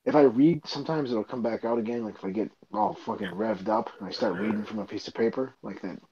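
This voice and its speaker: Low husky man, swearing, lo-fi. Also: quick pace, mellow. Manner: profane, laid-back. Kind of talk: casual chat.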